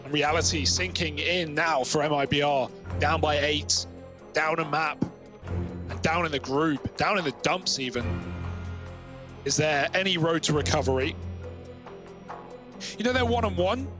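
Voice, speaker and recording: A man doing color commentary on a competitive shooter match, breaking down the plays and standings in a conversational way. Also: a little high. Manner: analytical, conversational, talks through team standings. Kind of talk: analytical commentary.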